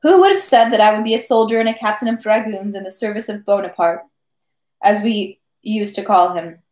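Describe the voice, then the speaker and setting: A woman's voice: medium pitch, a little fast, a little mellow, roomy sound, natural voice. A woman reading aloud and voicing a merry, boastful male French army captain who talks in an effusive, insistent way. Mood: expansive.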